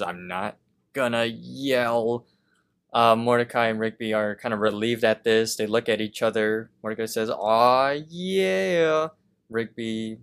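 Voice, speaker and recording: A man co-hosting a podcast, calmly retelling a cartoon episode scene by scene with small fillers. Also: lowish voice, clear, resonant tone. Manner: slow, measured retelling with fillers. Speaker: podcast co-host. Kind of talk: casual episode recap.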